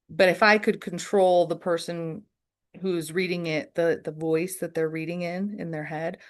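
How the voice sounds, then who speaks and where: A woman leading an online poetry workshop, answering questions slowly and thoughtfully with many fillers. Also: on the low side.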